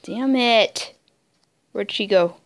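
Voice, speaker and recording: A young woman commenting on her own online game play, muttering in frustration and breaking into high squealing shouts. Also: slow, no echo. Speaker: gamer playing an online wolf game. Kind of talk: casual gameplay commentary.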